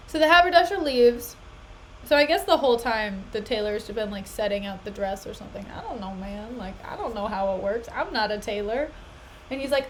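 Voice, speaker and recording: A young woman chats casually on a stream while reading a play aloud. Her voice sits high, and she talks in an animated way with frequent laughs. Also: brisk, a little hiss or hum, rough recording. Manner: animated, laughs often, chatty asides. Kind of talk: casual chat.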